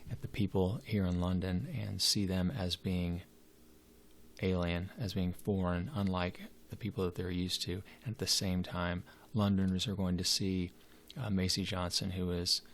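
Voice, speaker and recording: A man's voice: deep voice, gravelly, a little hiss or hum. A man giving a literature lecture, hesitant and full of fillers and restarts. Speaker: literature teacher.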